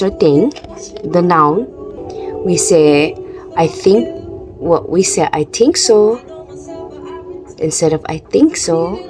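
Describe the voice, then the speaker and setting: Slow-talking woman with a Hawaiian Pidgin accent. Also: lowish voice, poor audio. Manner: chatty, laughing, many restarts. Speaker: vlogger. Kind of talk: casual explainer talk. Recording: music playing behind.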